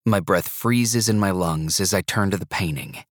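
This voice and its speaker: A man narrating an audiobook in the first person, with a measured, even storytelling delivery. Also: low-pitched, no echo, clean studio sound.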